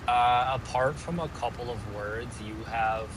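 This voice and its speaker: A man streaming a video game with friends, explaining things at length with halting restarts. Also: mid-range voice. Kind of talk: casual gaming chat. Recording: game vehicle noise underneath.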